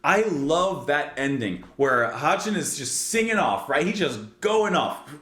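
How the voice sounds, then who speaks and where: A man's voice: fairly high pitch, expressive, measured pace, a bit bright, reverberant. A man hosting a music reaction channel, reviewing a song in casual, enthusiastic speech that rambles with lots of "like" and restarts.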